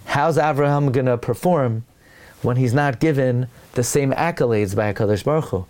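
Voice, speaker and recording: A man giving a sermon with animated storytelling and rhetorical questions, sprinkling in Hebrew terms. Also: medium pitch, moderate pace. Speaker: religious teacher.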